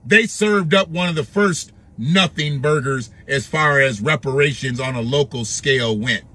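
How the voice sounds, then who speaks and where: Bright, sarcastic male commentator. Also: mid-range voice, normal speed. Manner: sarcastic, blunt, mocking repetition. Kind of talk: reacting to clips and news.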